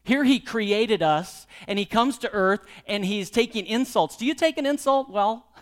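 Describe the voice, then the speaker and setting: A man's voice: high-pitched, animated, normal speed. A middle-aged man preaching a sermon, telling a personal story and then pressing the congregation with pointed rhetorical questions. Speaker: pastor.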